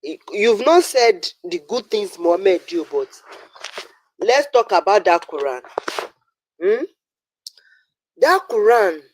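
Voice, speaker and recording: A man's voice: sits high, no room sound, low-quality recording. A man with a Nigerian accent arguing on a live stream, pressing his point with repeated fillers. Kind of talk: heated live-stream debate.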